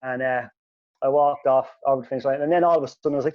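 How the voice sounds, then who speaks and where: A man telling a sweary, animated story as a podcast host, his voice jumping up when he quotes himself. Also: mid-range voice, rapid-fire, slight background noise. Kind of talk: casual storytelling. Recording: dull lo-fi podcast audio.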